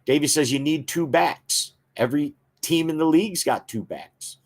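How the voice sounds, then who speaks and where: A man's voice: on the high side, moderate pace. A man hosting a football talk show, giving fan opinions and reading viewer comments in a casual, chatty way with frequent filler words.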